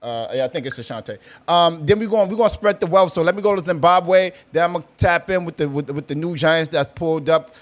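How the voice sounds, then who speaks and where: A man's voice: fairly high pitch, fast talker, few pauses. A man hosting a live audio chat room, talking casually and animatedly, often repeating himself and teasing guests.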